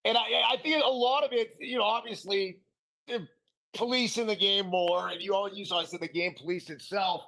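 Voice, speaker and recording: Excitable dude hosting a sports chat, really high voice. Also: male voice, brisk. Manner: excitable, says dude a lot. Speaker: podcast host. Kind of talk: casual sports chat and commentary.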